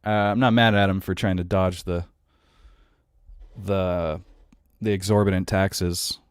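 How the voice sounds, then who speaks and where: A man's voice: deep voice, fairly even intonation, measured pace, clean tone, no room sound, studio quality. A man in his thirties hosting a podcast, ranting in a casual, exasperated, profane way. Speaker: podcast host.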